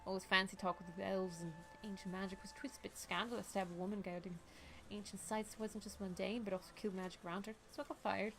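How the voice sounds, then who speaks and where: A woman's voice: medium pitch, fairly even intonation, quick pace, fairly bright tone, a little hiss or hum, close to an everyday voice. A woman voicing a tough, brash female mercenary with a shotgun, putting on a swaggering, blunt accent. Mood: gruff storytelling.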